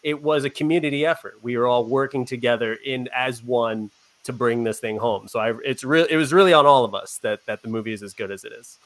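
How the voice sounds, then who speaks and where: A man's voice: mid-range voice, brisk. A man, a film director, answering interview questions in an earnest, rambling way.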